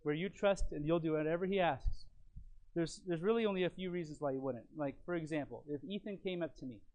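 This is a man preaching a sermon in a slightly high voice. He teaches from his notes with earnest emphasis. Some phrases land loud and others drop to a near-murmur. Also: brisk. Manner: earnest and emphatic, swings from loud stresses to quiet lines; teacherly, walks through notes and fill-in blanks.

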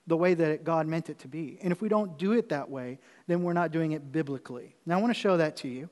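A man's voice: a little high, fast talker, few pauses, darkish tone, in a large hall. A man preaching as pastor, telling a personal story in a conversational way with repeated phrases before moving into the sermon.

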